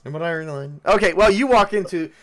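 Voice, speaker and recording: A man running a tabletop game as game master. His voice sits a little high, and he rambles through his descriptions with plenty of ums and restarts. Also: fast, crowd noise. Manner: rambling, many fillers and restarts.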